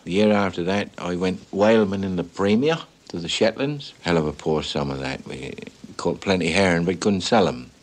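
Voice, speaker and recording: A man's voice: sits low, animated, normal speed, few pauses. A man in his sixties, a retired fisherman, reminiscing in a plain-spoken, rueful way in an old archive interview.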